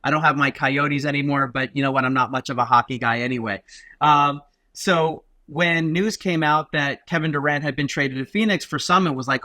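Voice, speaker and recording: Bright-voiced man telling a story. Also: a little high, moderate pace, no room sound. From Arizona. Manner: animated storyteller, acts out quoted voices. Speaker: guest, lawyer. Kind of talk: storytelling on a podcast.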